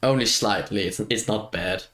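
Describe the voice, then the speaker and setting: A man's voice: lowish voice, normal speed, fairly bright tone. Rambling, self-mocking male game streamer. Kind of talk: casual gameplay chat.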